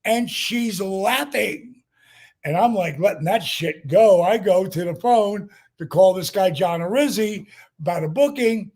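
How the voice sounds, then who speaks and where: A man in his sixties, a podcast guest telling a story in a lively, profane way with many fillers, acting out what people said. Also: high-pitched, unhurried. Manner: profane, acts out quotes, lots of fillers. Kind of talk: animated storytelling.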